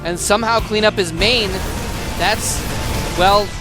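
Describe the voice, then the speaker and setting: Young male caster with hiccups, goofy banter between plays; high voice over a loud game soundtrack. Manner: chatty, goofy banter, quickens and rises on big plays. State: has the hiccups. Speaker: esports caster. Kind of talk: play-by-play commentary. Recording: game music loud behind.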